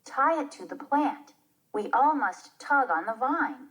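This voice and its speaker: Storybook rat, helpful and small, read by a woman, slow and lively. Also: high voice. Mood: confident. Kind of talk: reading a children's play aloud.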